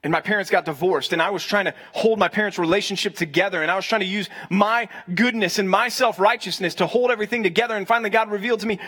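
A young man with a notably high-pitched voice preaches to his congregation in a conversational way. He pauses for replies and repeats his main points for emphasis. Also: a bit bright. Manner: conversational, invites the crowd to answer, repeats for stress. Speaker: pastor. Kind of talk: sermon.

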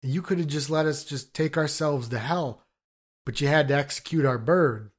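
A man's voice: a little high, moderate pace. A man co-hosting a podcast in casual chat, riffing and swearing freely. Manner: profane, riffing, animated. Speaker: podcast co-host.

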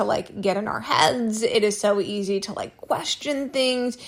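A woman hosting a solo podcast, giving candid advice in a casual, repetitive way with mild swearing. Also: fairly high pitch. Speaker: podcast host.

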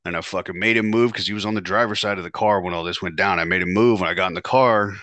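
A man hosting his own show, telling a raw personal story in a profane, animated way and acting out what he said back then. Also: sits low, fast talker, no room sound. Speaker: podcast host telling his life story. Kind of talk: candid storytelling monologue.

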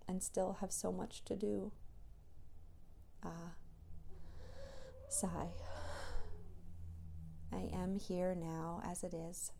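A tired, tearful woman speaking in a soft, halting way in a reflective personal voice diary, sometimes dropping into a whisper, then chatting with lots of fillers. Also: fairly low pitch, vocal fry, a little hiss or hum. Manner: chatty storytelling with many fillers. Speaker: creator sharing a personal diary recording.

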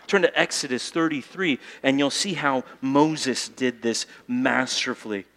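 A man's voice: medium pitch, measured pace, few pauses, fairly bright tone. A man in his thirties preaching a sermon, chatty and conversational, often asking the congregation questions. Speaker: pastor. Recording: long hall reverb.

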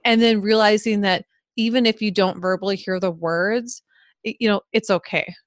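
A woman's voice: mid-range voice, steady tone, normal speed, dry recording, studio quality. A woman co-hosting a podcast, chatting in an effusive, emotional way full of "like" and "you know". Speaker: podcast co-host. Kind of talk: conversational podcast chat.

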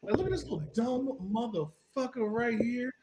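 A man co-hosting a casual podcast, telling stories in an animated, profane way and acting out what people said. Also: very high voice, normal speed, noisy background. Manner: animated, profane, acts out quotes. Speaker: podcast co-host. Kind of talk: casual storytelling chat.

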